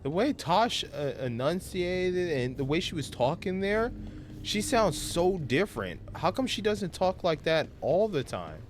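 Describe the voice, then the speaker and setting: A man giving casual, playful gameplay commentary as a gaming streamer, joking and excitable. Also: sits high, measured pace, a little hiss or hum.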